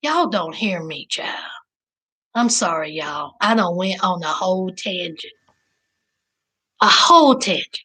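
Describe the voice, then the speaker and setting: A woman hosting a live-stream recap, chatting with her viewers in an animated, preachy way. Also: fairly low pitch, unhurried, long pauses. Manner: animated, preachy, Southern slang, addresses chat as y'all. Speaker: reality TV recap host.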